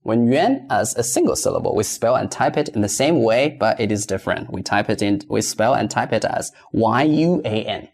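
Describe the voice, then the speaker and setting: A man's voice: lowish voice, expressive, moderate pace, creaky, few pauses, a little mellow. A man teaching a step-by-step pinyin lesson, patiently repeating each word several times for learners. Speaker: Mandarin teacher.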